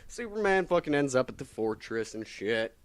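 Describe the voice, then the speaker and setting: A man's voice: mid-range voice, sing-song, moderate pace. Man ranting casually, swearing nonstop. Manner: swears constantly, rambling with lots of fillers. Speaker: comic book reviewer. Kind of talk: casual rambling vlog rant.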